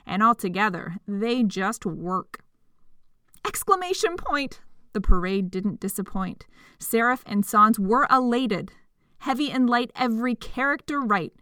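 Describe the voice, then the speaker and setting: Slow, bright-voiced woman reading rhymes. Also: on the high side, no echo, studio quality. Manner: playful and expressive, with whispered asides. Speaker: storyteller. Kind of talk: rhyming storybook read-aloud.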